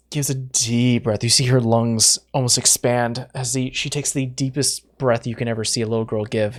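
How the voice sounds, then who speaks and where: A man runs a tabletop game, talking the players through each scene in loose, rambling description with plenty of fillers and restarts along the way. His voice sits at a middling pitch. Soft music runs quietly behind him. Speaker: game master.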